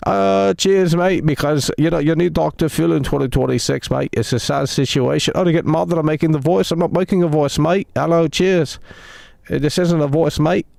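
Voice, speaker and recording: His voice is medium in pitch, a little mellow and natural, recorded with no echo, moving at a normal speed with hardly any pauses. The male streamer is hamming up a mock-British bloke persona, sprinkling "mate" and "cheers" through nearly every line of his bouncy, teasing live banter.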